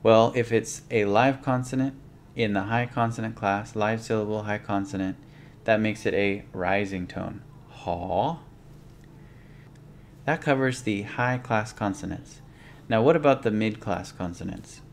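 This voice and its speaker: A man's voice: fairly low pitch, a little slow, slight background noise. A man teaching a language lesson, explaining rules patiently and methodically and stepping through examples one by one.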